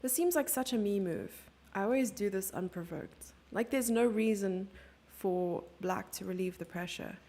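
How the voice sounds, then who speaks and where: A woman's voice: medium pitch, normal speed, hardly any pauses, dark tone. A woman streamer giving chatty live chess commentary, thinking aloud and sometimes dropping into a whisper.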